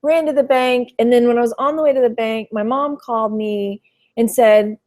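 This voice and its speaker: A woman's voice: fairly high pitch, fairly even intonation, moderate pace, darkish tone. Rambling, chatty woman live-streaming. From Texas. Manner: rambling, heavy on "you know" fillers, greets viewers mid-story. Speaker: thrift reseller vlogger. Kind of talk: casual live-stream chat.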